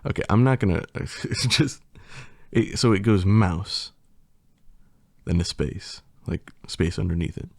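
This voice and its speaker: Male host, low gravelly voice, slow rambling casual talk, swears and laughs a lot. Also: a little mellow, no echo, studio quality. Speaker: channel host. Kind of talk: casual chat and reading a poem aloud.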